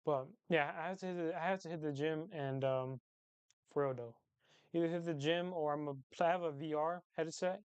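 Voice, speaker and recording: Young male streamer, fairly high and smooth voice, dry close sound, loose rambling chat that circles back on itself. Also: moderate pace, no echo. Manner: rambling, repeats phrases, relaxed slangy talk. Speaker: livestream host chatting with viewers. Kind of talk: casual chat.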